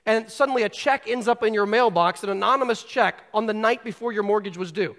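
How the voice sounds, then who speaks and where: A man preaching a sermon as pastor to his congregation, animated and storytelling, rushing ahead and then dropping low for emphasis, in a church sanctuary. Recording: long hall reverb.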